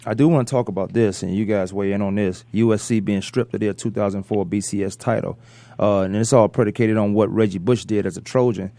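A man hosting a sports talk radio show, rambling through animated opinions and correcting himself as he goes. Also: on the low side, a little fast, no echo.

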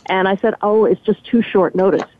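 Over a tinny, dry phone line with no room sound, a medium-pitched older woman speaks briskly. A former entertainment reporter, she's a guest in a storytelling interview, recounting behind-the-scenes tales and playing out others' lines with animation.

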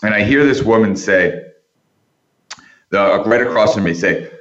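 Man, podcast guest, low-pitched, animated anecdotes, stumbling restarts, echoey room. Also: normal speed, muffled recording. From New York area. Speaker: interview guest. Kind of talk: storytelling in a podcast conversation.

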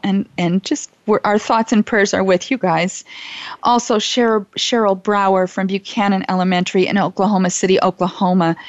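A woman hosting a live show, reading shout-outs and running giveaways in a gushing, emotional way. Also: mid-range voice, no echo, dull audio. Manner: warm, gushing, emotional at times. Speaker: radio show host.

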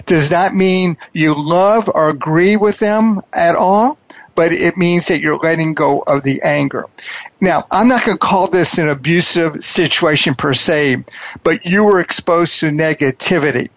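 A man hosting a coaching interview, talking in a preachy, emphatic way and repeating his key phrases slowly. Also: fairly high pitch, no room sound, highs cut off. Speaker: podcast host and wealth coach.

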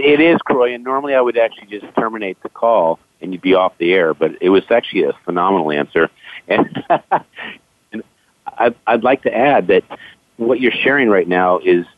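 A man's voice: lowish voice, no echo. A male radio host interviewing a guest, heaping praise on him. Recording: dry, phone-like line.

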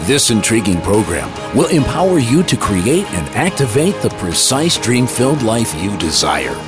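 Lively-voiced male show announcer. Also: lowish voice. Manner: slow, showy announcer delivery. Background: music.

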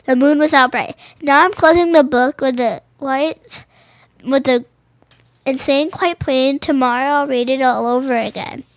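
High-voiced woman reading picture books aloud. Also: fairly even intonation, a little slow, no echo. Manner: stumbling and rereading phrases, adding casual commentary. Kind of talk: reading children's books aloud with chatty asides.

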